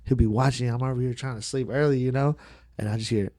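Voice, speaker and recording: A man's voice: medium pitch, fairly even intonation, fast talker, warm tone. A man, a podcast guest telling casual stories in slangy, profane talk and acting out other people's lines. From Southern California. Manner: slangy, profane, laughs through his stories. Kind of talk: casual storytelling.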